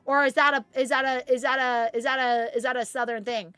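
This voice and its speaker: A woman streaming a game, chatting casually and excitedly while reading chat aloud. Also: high voice, brisk, smooth, no echo.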